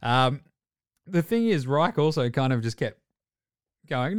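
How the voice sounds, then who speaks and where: A man co-hosting a casual sports podcast, swearing freely and acting out coaches in quick asides. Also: mid-range voice, very animated, smooth, no echo, clean studio sound. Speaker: podcast co-host.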